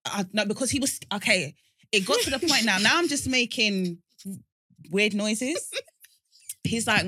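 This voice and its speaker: A woman telling a story in casual chat, animated and laughing often. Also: a little high, unhurried, slightly rough, dry recording.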